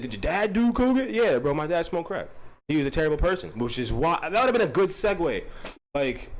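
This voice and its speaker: A man's voice: mid-range voice, poor audio. A man hosting a casual livestream, talking in loose, profane, self-mocking banter with frequent restarts. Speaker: livestream host.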